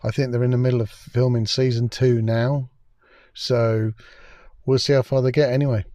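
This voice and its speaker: A man's voice: medium pitch, little pitch movement, moderate pace, background noise. A man giving a scornful, crude, exasperated review of a TV episode. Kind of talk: ranting review commentary.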